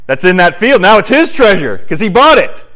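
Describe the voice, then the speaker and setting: A male pastor delivering a sermon with a lively, conversational touch and the odd joke. His voice sits somewhat high for a man, swinging between punchy bursts and quieter, earnest stretches. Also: normal speed. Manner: animated, conversational, joking.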